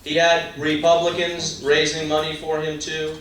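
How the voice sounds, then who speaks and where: A man's voice: on the high side, completely flat delivery, moderate pace, a bit bright, a little hiss or hum. A man giving an emphatic campaign stump speech at a party meet-and-greet, firing rhetorical questions and asides at the crowd. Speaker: political candidate. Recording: very echoey room from far off.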